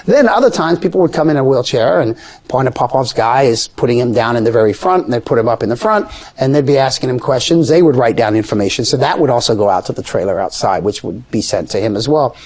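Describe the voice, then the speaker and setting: A man tells a story in a relaxed interview, his voice sitting at a mid pitch. He is animated and brings the people in his tale to life by jumping up in pitch when he quotes them. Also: fast. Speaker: guest storyteller. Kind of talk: conversational storytelling.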